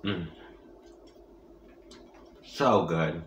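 Speaking very slowly in an animated bass voice, a woman eats on camera for her mukbang vlog, joking with viewers and humming long over every bite. The audio has the highs cut off, slight background noise, and a roomy echo.

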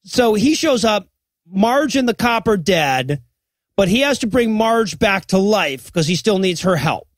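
A man with a high voice recaps a film's plot for a comedy podcast. He swears freely and acts out the characters' lines. The recording is dry and close. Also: measured pace, dry recording. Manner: profane, animated retelling with quoted voices. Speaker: podcast co-host. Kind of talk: comedic movie recap chat.

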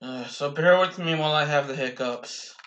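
A young man with a slightly high, somewhat bright voice casually narrates his own gameplay. He rambles slowly, restarting often, and keeps getting interrupted by hiccups and coughs.

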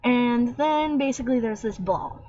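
A young woman with a somewhat high voice rants in a casual vlog. She rambles and mocks with sarcasm. The webcam audio sounds dull and lo-fi. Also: a little slow, warm tone. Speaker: vlogger. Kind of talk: casual rant.

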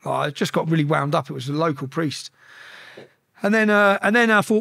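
Man telling a story as a podcast guest; quick, high, profane, restarts often. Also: creaky, a bit bright. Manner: swearing, restarts, acts out quoted exchanges. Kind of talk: animated storytelling.

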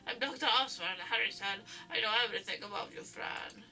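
A woman voicing a calm, cruel male asylum doctor from a game, reading slowly. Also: medium pitch, far from the mic. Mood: calm, menacing.

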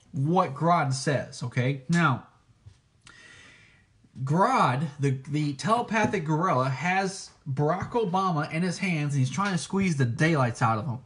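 A preacher giving an informal teaching, talking hesitantly with many restarts and frequent checks for agreement. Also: male voice, fairly high pitch, a bit bright. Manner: hesitant, frequent restarts, keeps asking "okay?".

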